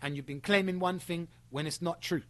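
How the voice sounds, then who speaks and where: A young man, a streamer, rants at a former friend in a confrontational, sweary monologue, repeating himself as he builds his case. His voice sits on the high side with a steady, fairly bright tone, and he talks fairly quickly.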